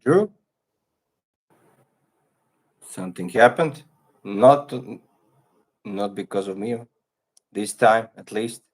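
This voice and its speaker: A man's voice: on the low side, slow pace. A man hosting a podcast, chatting casually in a patient, apologetic way. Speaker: podcast host. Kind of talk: casual chat.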